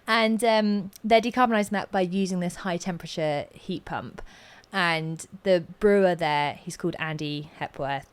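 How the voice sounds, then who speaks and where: A young woman co-hosting a podcast in casual chat, upbeat and quick to chime in. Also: on the low side, smooth. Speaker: podcast co-host.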